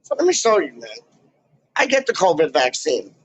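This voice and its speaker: A man ranting casually to camera in a vlog, full of slang and loud asides. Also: a little high, huge pitch swings, moderate pace, breathy edge, no room sound, low-quality recording. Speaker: YouTuber. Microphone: camera mic.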